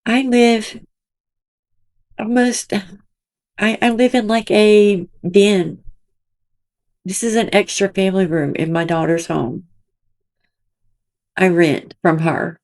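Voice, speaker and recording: A woman's voice: medium pitch, slow, pauses often, a little mellow. A middle-aged woman hosting a commentary channel, talking in an emotional, indignant, rambling way from a small room at home.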